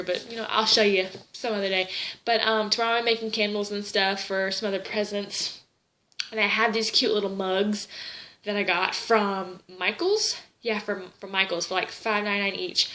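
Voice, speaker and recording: A woman's voice: mid-range voice, sharp tone, poor audio. A young woman vlogging in a casual, rambling chat, gushing and a little tearful. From Southern United States.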